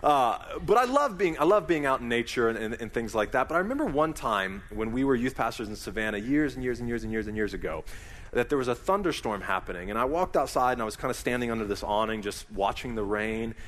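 Animated conversational male pastor. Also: medium pitch, fast talker, long reverb tail. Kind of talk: sermon.

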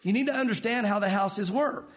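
A middle-aged man preaching a sermon, animated, acting out the voices of people in his story. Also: high-pitched, fairly quick. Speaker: pastor.

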